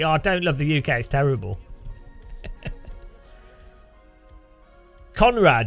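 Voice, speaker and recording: A man's voice: on the high side, very animated, unhurried, pauses often, faint music behind. A man from the UK hosting a game livestream, rambling and joking, often laughing, reading chat aloud. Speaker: game streamer.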